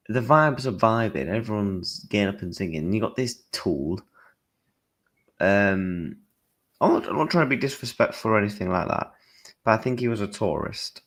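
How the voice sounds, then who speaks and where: A man's voice: fairly low pitch, normal speed. A young man chatting casually on a football livestream, telling stories animatedly in blunt slang with mild swearing. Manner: animated storytelling, acting out his own and others' lines.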